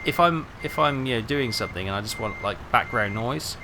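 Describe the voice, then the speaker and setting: A man's voice: mid-range voice, lively intonation, brisk. Guy rambling away on a driving game stream, lots of ups and downs in his voice, a bit of hiss behind. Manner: rambling, chatty, greets viewers by name. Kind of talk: casual live-stream chat while driving.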